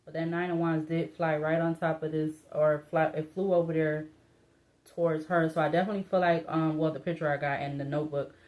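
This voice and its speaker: Woman, low pitch, tarot reading, musing and hesitant, voice breaking up slightly. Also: little pitch movement, fairly quick, darkish tone. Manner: musing, hesitant, many fillers and restarts. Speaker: tarot reader.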